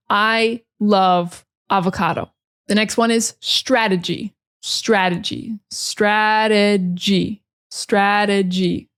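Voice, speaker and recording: A young American woman teaching English pronunciation to learners, modeling words slowly and repeating them clearly for imitation. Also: mid-range voice. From United States.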